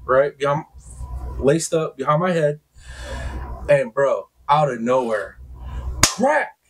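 A young man hosting his own channel, telling a personal story in a casual, profane, animated way that turns loud and high when heated. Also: slow pace, noisy background. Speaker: true crime channel host.

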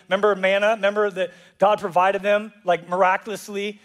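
A man preaching a sermon as pastor, animated and jokey, acting out voices in quotes. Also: high-pitched, a little fast. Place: church auditorium.

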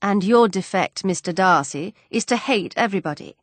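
A woman's voice: mid-range voice, lively intonation, normal speed, dry recording, close to an everyday voice. A woman doing a witty, spirited young woman. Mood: defiant.

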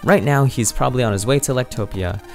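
A smug male robot villain with scissors, as a gamer reads him aloud, calm and matter-of-fact in an everyday middle-pitched voice. Soft game music hums faintly behind. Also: quick pace, lightly acted. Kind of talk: reading game dialogue aloud.

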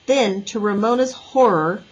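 A woman teacher reading a children's book aloud with an expressive, lively voice. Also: medium pitch, a little slow, breathy edge, highs cut off. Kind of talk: storybook read-aloud.

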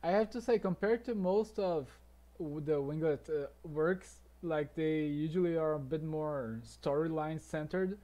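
A man's voice: a little high, measured pace, lo-fi sound. A man from Brazil with a Brazilian Portuguese accent, hosting a casual reaction video, chuckling and often restarting his sentences.

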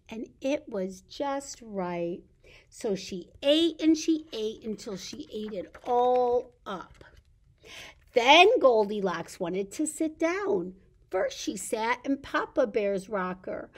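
A woman leading a recorded baby storytime at a library, talking in an animated sing-song way for babies and caregivers. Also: on the high side, slow pace. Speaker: children's librarian. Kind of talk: baby storytime with songs and reading.

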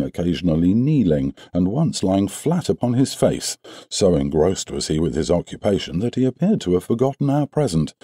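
A man reading a classic detective novel as an audiobook narrator, in a measured, expressive way. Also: deep voice, husky, no room sound, clean studio sound. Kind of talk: scripted narration.

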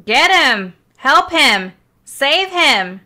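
A woman hosting a reaction video, giving casual, excitable running commentary with lots of exclamations. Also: high-pitched, extremely slow, soft background music.

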